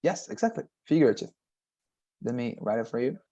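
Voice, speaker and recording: A man's voice: medium pitch, sing-song, vocal fry, warm tone, lo-fi sound. Patient man tutoring on a video call. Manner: patient, explains slowly with many fillers and restarts. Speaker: English tutor. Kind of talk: one-on-one online lesson.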